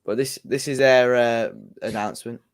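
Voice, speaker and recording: A man co-hosting a live fan stream, full of short, quick reactions. His voice sits at an ordinary middle pitch. He jumps in with one-word responses and jokes. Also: steady tone. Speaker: co-host. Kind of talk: casual live stream chat.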